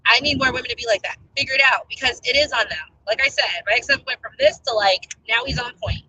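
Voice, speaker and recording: A young woman talks through relationship advice in a casual, animated monologue. Her voice is bright and sits a little high. She leans hard on her points with emphatic energy, and a faint noise floor runs under the recording. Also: quick pace, poor audio. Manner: animated, emphatic storytelling with acted-out rants. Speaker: relationship coach.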